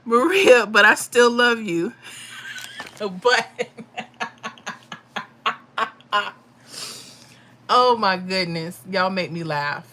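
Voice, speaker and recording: Bright-voiced chatty woman livestream host. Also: mid-range voice, expressive, extremely slow, pauses often. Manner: chatty, laughs often, Southern-style speech. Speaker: livestream host reading chat. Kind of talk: casual live chat with viewers.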